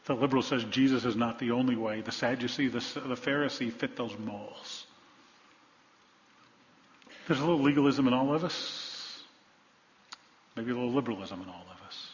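Pausing often, a male pastor speaks at a moderate pace in a medium pitch, building his sermon through rhetorical questions to emphatic points. The sound is dull and echoes in a long-reverb hall.

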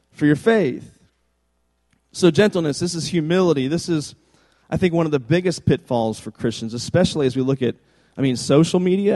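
A man's voice: fairly high pitch, a little mellow. A man preaching a sermon as pastor, in a conversational style with joking asides. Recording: long hall reverb.

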